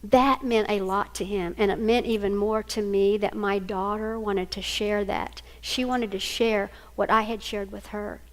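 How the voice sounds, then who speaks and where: A woman's voice: mid-range voice, steady tone, a little slow, hardly any pauses. An older woman giving a storytelling talk to single parents, homey and anecdotal, acting out family dialogue. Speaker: speaker at a single-parent ministry event.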